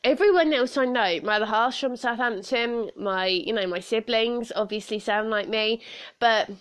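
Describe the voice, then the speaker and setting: A woman's voice: on the high side, normal speed, clean tone. A young woman with a southern English accent, chatting on her solo podcast, giggling and rambling, with a stuffed-up nose. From south of England. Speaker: podcast host. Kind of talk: casual solo podcast chat.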